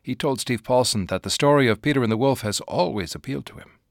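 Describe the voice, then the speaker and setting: A man hosting a public radio program with smooth, measured scripted announcing. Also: mid-range voice, dry recording, clean studio sound. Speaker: radio host.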